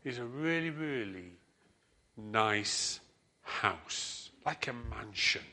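A man's voice: lowish voice, lively intonation, very slow, sharp tone, heavily acted. A man playing an ordinary, greedy man from a parable, asking eagerly in a chatty everyday voice.

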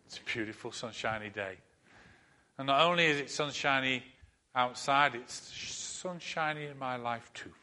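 A man preaching a sermon in an earnest manner, repeating phrases and dropping to a soft, comforting tone. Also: mid-range voice. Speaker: pastor.

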